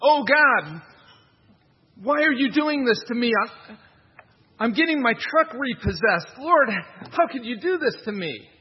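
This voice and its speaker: A man's voice: extremely high pitch, animated, unhurried, breathy edge, long reverb tail, muffled recording, pitched above the performer's own voice, heavily acted. A man voicing a whiny young man who complains and blames God for his own troubles. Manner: complaining, exasperated.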